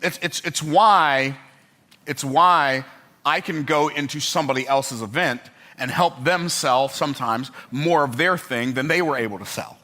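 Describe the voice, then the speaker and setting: Forceful, bright-voiced older male speaker. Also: on the high side, a little slow. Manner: emphatic, repetitive storytelling with rhetorical check-ins. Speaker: motivational speaker. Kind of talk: motivational speech to a live audience.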